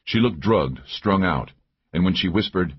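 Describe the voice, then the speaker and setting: Deep-voiced male audiobook narrator, husky, muffled recording. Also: lively intonation, unhurried. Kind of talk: first-person thriller narration. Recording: dull lo-fi audio.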